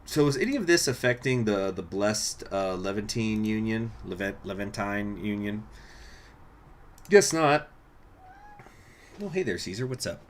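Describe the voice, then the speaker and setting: A man's voice: on the low side, lively intonation, normal speed, hardly any pauses, a little hiss or hum. A man casually commenting on a strategy game during a live stream, laughing often and answering viewers. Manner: chatty, laughs often, reacts to chat.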